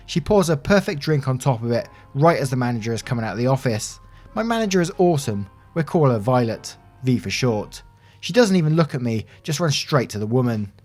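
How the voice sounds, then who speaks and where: A man reading Reddit stories aloud in an expressive, animated narration. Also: medium pitch. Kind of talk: scripted story narration. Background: soft background music.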